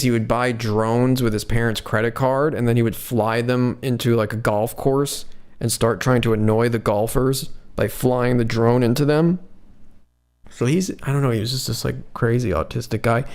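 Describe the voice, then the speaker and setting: A man's voice: mid-range voice, normal speed, darkish tone. A man hosting a podcast, telling a story in a casual, rambling, profane way. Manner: rambling, profane, lots of "like" fillers. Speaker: podcast host.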